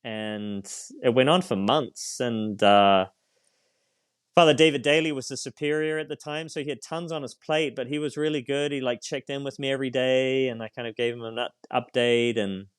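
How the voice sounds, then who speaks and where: Male priest, interview guest; candid, faltering storyteller with wry humor; mid-pitched, smooth, dry close-mic sound. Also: fairly even intonation, no echo. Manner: reflective, halting, with frequent fillers and light self-mocking laughs.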